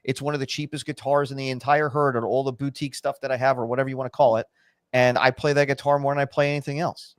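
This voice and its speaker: A man chatting as a guest, telling relaxed stories. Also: medium pitch, quick pace, no echo, clean studio sound. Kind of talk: casual chat.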